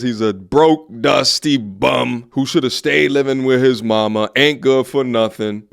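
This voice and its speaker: A man's voice: medium pitch, smooth. Blunt, preachy man delivering commentary. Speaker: host.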